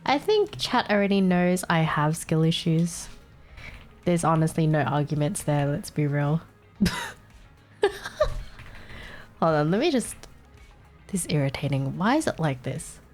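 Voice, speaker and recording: A woman's voice: low-pitched, animated, normal speed, darkish tone, faint music behind. A young woman streaming live, chatting casually and swearing as she fixes her setup, sounding a little congested.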